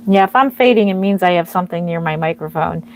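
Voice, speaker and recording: A reborn doll artist livestreams from her home nursery at a quick pace, her voice fairly low. Wearing a microphone, she chats to viewers, thanks them by name, and leans heavily on fillers, sounding a little dry in the throat.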